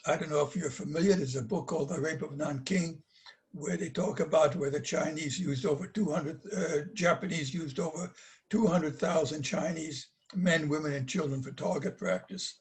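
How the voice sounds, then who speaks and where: Older man from Belgium, fairly high voice. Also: moderate pace. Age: 80s. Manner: plain, earnest storytelling with repeated words. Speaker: Holocaust survivor speaker. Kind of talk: personal testimony talk.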